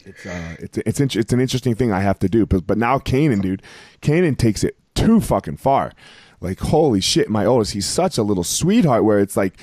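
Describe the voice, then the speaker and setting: A man's voice: on the low side, sing-song, a little fast, darkish tone, no room sound, clean studio sound. A man in his forties, a podcast guest talking in a rambling, casual way, full of fillers and profanity.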